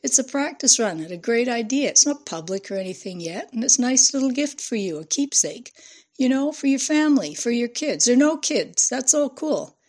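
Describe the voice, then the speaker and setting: A woman's voice: on the high side, animated, moderate pace, darkish tone, voice pushed up. A woman reading a brash young male media hustler who talks in a pushy, slangy, salesman-like way.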